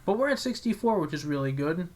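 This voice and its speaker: A young man with a slightly higher voice talks through his card game play by play. He is chatty and excitable, second-guesses his moves, and stumbles over restarts as he thinks aloud. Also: fast. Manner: excitable, self-critical, chatty with frequent restarts. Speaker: channel host commentating his own card game. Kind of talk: casual play-by-play commentary.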